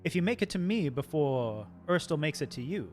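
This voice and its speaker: Guy gm doing a cagey ship captain, cryptic, voice swinging high and low, bit of music in the back. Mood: persuasive. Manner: measured, cryptic, lively pitch swings. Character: shrewd, calm male ship captain. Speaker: game master. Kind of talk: tabletop game role-play.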